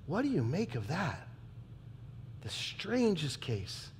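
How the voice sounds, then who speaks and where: A man playing a troubled, proud Roman governor in a dramatic church monologue, emphatic and swinging between loud declarations and hushed asides. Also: a little high, wildly swooping pitch, slow pace, in a large hall, slight background noise, heavily acted. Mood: bewildered. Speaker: character monologue performer.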